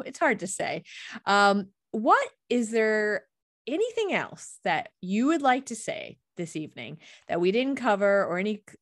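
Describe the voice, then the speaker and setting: A woman hosting a podcast, gushing and laughing often as she wraps up the chat. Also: fairly low pitch. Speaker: podcast host. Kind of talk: casual chat.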